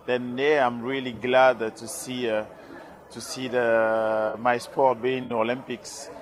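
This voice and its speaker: A man speaking English with a French accent, his voice hoarse, answering questions in a live interview with many pauses, fillers and restarts. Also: mid-range voice, flat delivery. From France. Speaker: interviewee, former rugby player. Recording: loud crowd behind, outdoor event.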